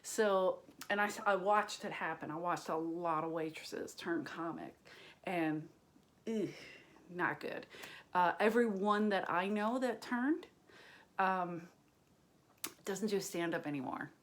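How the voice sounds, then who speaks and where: A woman's voice: fairly low pitch, takes it slowly. A woman comedian chatting casually from her kitchen as she answers viewer questions, rambling and crude, with many fillers and whispered asides. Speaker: stand-up comedian. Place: home kitchen.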